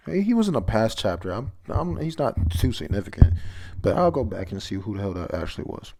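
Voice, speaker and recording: A young man with a lowish voice talks through a comic chapter in loose, casual commentary. He rambles, trips over words as he reads and drops the odd curse. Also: big pitch swings, a little fast, creaky, warm tone. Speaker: manga chapter reviewer.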